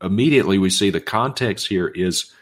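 A man's voice: sits low, a little fast, husky. A man giving an expository sermon, reading scripture aloud and arguing each point with emphasis. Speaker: Bible teacher.

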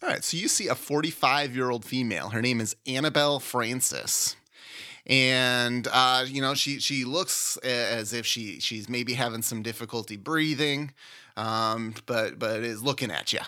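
A man's voice: mid-range voice, normal speed, pushed and bright. A man hosting a podcast, playfully narrating a mock medical exam case. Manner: playful, teasing, laughs easily. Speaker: podcast host running a mock oral boards case.

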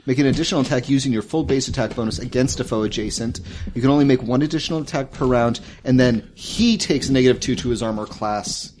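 A man's voice: mid-range voice, fast talker, a little mellow, slight background noise. A man playing in a tabletop game, joking around and reading rules aloud. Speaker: player. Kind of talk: casual chat at a tabletop game.

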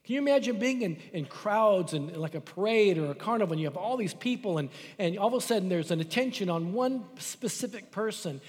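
High-voiced preaching man, hall reverb. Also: lively intonation, brisk, hardly any pauses. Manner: impassioned preaching with dramatic quoted voices. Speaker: pastor. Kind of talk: sermon. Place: church sanctuary.

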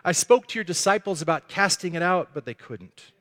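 A man voicing a desperate father who pleads slowly and earnestly for his sick son. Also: sits high, expressive, a bit bright. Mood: pleading. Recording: echoey hall.

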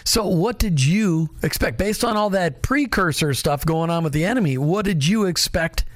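A middle-aged radio host man with a fairly high voice who teases his guests and pushes them with quick follow-up questions. He talks into a close studio mic, and the sound is dry and close. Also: animated, no room sound. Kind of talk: casual radio chat. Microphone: studio microphone.

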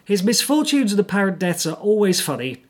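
A man co-hosting a casual podcast, reading through his notes with dry, wry timing. His voice sits a little high and has a husky edge. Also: sing-song, fairly quick. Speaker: podcast co-host. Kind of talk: casual chat with scripted segments.

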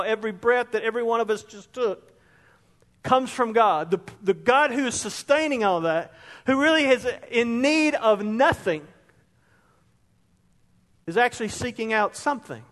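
A pastor giving an impassioned sermon in a church, rising to near shouts at times. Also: male voice, very high-pitched. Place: church sanctuary. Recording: long reverb of a large hall.

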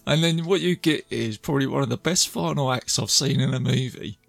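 A man's voice: mid-range voice, a little fast, vocal fry, dry recording, soft background music. A man casually retelling a film's scenes, chatty and laughing as he goes. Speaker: film reviewer. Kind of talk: casual film recap.

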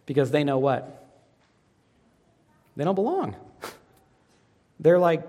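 A pastor preaching a sermon who asks the congregation fill-in questions and swings dramatically in pitch and loudness. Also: male voice, big pitch swings, takes it slowly, pauses often. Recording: long reverb of a church hall.

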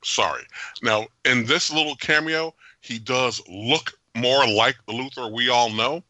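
A man hosting a podcast, giving an animated, jokey and opinionated movie review with frequent laughs. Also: mid-range voice, unhurried, no room sound. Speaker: podcast host. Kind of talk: casual movie review chat.

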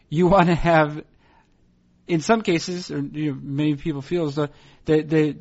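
A young man in casual banter, asking probing questions with halting restarts and laughing asides. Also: a little high, lo-fi sound.

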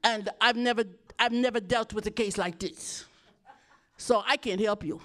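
A woman's voice: on the high side, fairly even intonation, moderate pace, a bit bright, pitched below the performer's own voice, natural voice. A woman quoting a curt, dismissive office supervisor. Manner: brusque and dismissive.

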